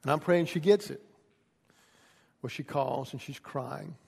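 Man, pastor preaching, gravelly voice, slightly high, long hall echo. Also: unhurried. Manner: builds from quiet teaching to shouted pleading. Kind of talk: sermon.

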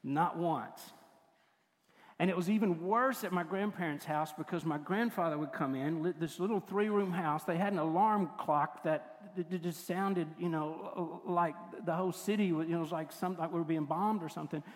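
An older man preaching a sermon as pastor, moving between forceful points and hushed, tender passages. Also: fairly high pitch, moderate pace. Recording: long hall reverb.

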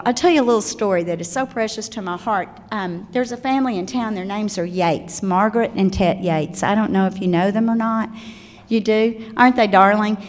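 An older woman with a Southern accent, giving a chatty talk to parents on children's manners and telling stories with asides. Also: mid-range voice. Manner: chatty, warm storytelling with asides. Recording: long hall reverb.

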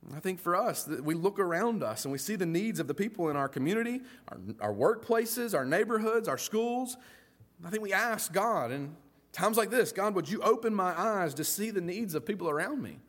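High-voiced and fairly quick, this man preaches as a pastor with lively, folksy energy, frequently performing the voices of characters in his story.

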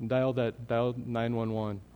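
A man preaching a sermon as pastor, earnest, building in energy and then dropping to a quiet, prayerful tone. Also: medium pitch, little pitch movement, slow, clean tone. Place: church sanctuary. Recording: long hall reverb.

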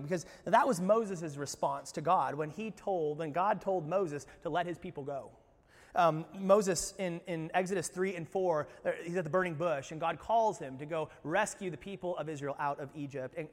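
A man preaching in a high, animated voice, talking to his congregation and often asking them questions. His voice carries the long reverb of a church sanctuary. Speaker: pastor. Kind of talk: sermon.

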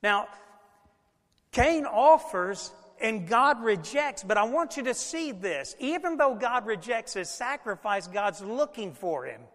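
Male pastor, high voice, lively folksy sermon delivery, long hall reverb. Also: slow. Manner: animated preaching with folksy asides.

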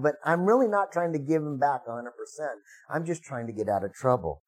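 A man's voice: a little high, lively intonation, brisk. A middle-aged man, a pastor, preaching a sermon in a conversational way, acting out the prayers he quotes with rising emphasis.

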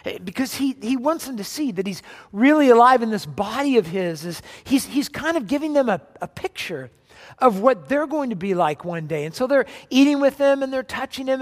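A man in his forties preaches to his congregation in a relaxed, conversational way, slipping jokes into his stories. His voice sits high for a man. The sound carries the long reverb of a large hall. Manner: conversational, joking storyteller. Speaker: pastor. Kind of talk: sermon.

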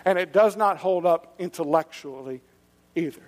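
A man preaching a sermon as pastor, animated and conversational, asking the listeners rhetorical questions. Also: high-pitched, moderate pace, long reverb tail.

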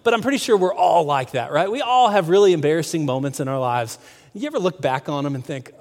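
Male pastor, fairly high voice, conversational sermon delivery with rhetorical questions, reverberant church sound. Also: expressive, quick pace. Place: church sanctuary. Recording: long hall reverb.

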